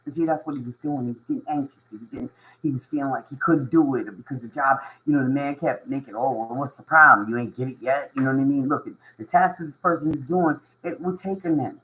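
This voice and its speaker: A man's voice: mid-range voice, fairly even intonation, fast talker, rough recording. A man giving a casual motivational monologue to his viewers as a spiritual channel host. He is earnest and emotional, repeats himself for emphasis and often chuckles. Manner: emphatic and repetitive, with frequent chuckles and "you know what I mean".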